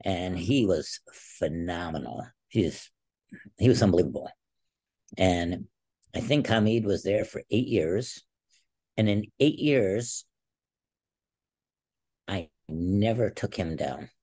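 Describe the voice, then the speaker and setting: A man in his sixties, a podcast guest, telling animated stories and acting out quotes. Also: deep voice, takes it slowly, pauses often. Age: 60s. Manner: animated storyteller who acts out quotes. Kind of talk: casual interview storytelling.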